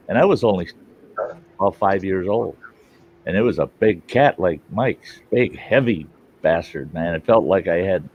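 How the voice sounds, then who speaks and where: Casting: low-voiced man, casual rambling storyteller, salty and laughing, lo-fi recording. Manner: rambling, laughs a lot, folksy and profane. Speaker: host. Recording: dull lo-fi sound with faint hiss.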